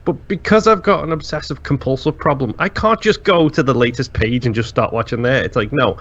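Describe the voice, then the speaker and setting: A man's voice: medium pitch, a little fast, fairly bright tone, dull audio. A man co-hosting a casual chat, telling long rambling stories. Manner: chatty, rambling storyteller. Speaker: podcast co-host.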